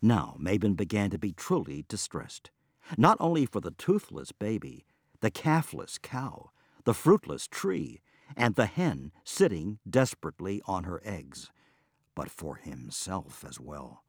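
A man reading a storybook aloud in an expressive, unhurried way. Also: low voice, husky, dry recording, clean studio sound. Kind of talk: storybook narration.

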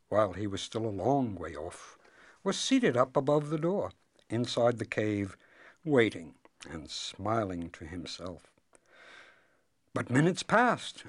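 A man reads a fairy tale aloud, taking his time and letting his pitch rise and fall with feeling. His voice sits a little high for a man. The recording is close and dry. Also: no echo. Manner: slow, expressive reading. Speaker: storyteller. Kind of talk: storybook read-aloud.

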